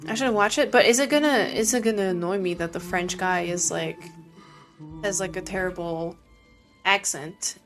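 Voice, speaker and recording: A woman's voice: on the low side, normal speed, soft background music. Sleepy, chatty young woman streamer. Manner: chatty, rambling, reads chat aloud. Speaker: game streamer. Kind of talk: casual live-stream chat.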